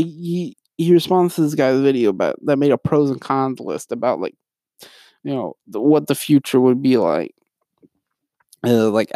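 A man's voice: mid-range voice, mellow, dry recording, clean studio sound. A young man co-hosting a podcast, ranting in a rambling way and often restarting his sentences. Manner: rambling, frequently restarts and sidetracks. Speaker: podcast co-host. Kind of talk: casual ranting commentary.

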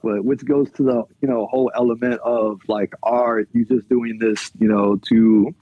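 Male podcast guest, relaxed and chatty, slightly raspy, dry and muffled audio. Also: mid-range voice, moderate pace, dry recording. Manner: loose and chatty, many fillers, laughs often. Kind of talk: casual conversational interview.

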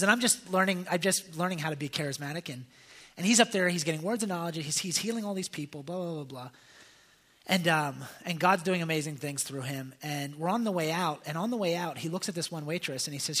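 A man's voice: fairly high pitch, a bit bright, husky. A young man preaching in a casual, conversational way, telling stories with many fillers and restarts. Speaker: pastor. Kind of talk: casual sermon storytelling.

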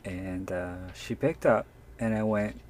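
A man's voice: fairly low pitch, steady tone, slow, darkish tone, a little hiss or hum. A man, an author, telling a story in a candid, self-deprecating way and swearing freely. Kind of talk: casual anecdotal storytelling.

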